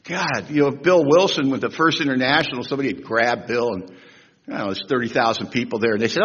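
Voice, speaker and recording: A husky man in his sixties speaking at a recovery convention, telling humorous, animated stories with big swings in pitch and loudness. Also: quick pace. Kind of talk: storytelling talk at a recovery convention. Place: large convention hall. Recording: echoey hall, dull lo-fi sound.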